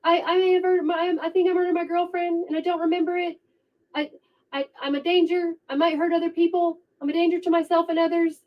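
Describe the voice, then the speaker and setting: A woman's voice: extremely high pitch, completely flat delivery, a little slow, pitched above the performer's own voice. Woman playing a stammering, panicking man. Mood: panicked. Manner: stammering, frantic repetition. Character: panicking man confessing to police. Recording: dull lo-fi sound.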